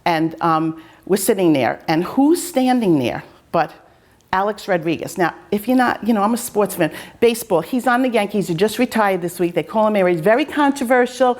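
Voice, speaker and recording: A woman's voice: medium pitch, expressive, normal speed, a little mellow. A woman host, a fencing coach, telling casual anecdotes in a chatty, self-deprecating way.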